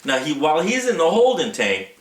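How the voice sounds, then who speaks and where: A man vlogging in a casual storytelling style, animated and often adding "right?" as he talks. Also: a little high, a little fast, reverberant. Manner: animated, tags lines with "right?". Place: Japan.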